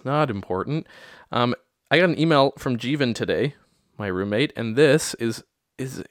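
A young adult man hosting a podcast, telling stories casually with lively acted-out quotes. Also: mid-range voice, normal speed, dry recording, clean studio sound. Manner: animated, lots of acted-out quotes and laughter. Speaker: podcast host. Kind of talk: casual storytelling monologue.

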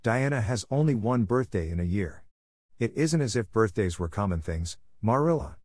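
A man's voice: lowish voice, expressive, moderate pace, a little mellow, no echo, studio quality. A man voicing an eager, chatty, imaginative young girl who gushes and pleads breathlessly. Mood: pleading.

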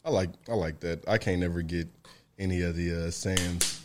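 A man's voice: sits low, steady tone, moderate pace, slight background noise. A man chatting casually with friends, telling stories in a laid-back way and laughing often. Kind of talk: casual chat.

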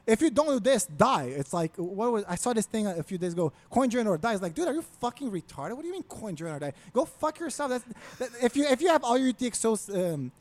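A man's voice: high-pitched, quick pace, few pauses. A man on a podcast, ranting casually with a lot of swearing. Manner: profane, ranting, animated.

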